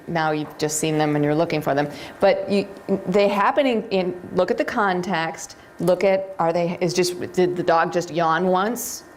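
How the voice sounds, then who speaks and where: A woman giving a live seminar lecture to a room of listeners, talking them through video clips in a chatty way and quizzing them as she goes. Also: fairly low pitch. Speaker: seminar instructor.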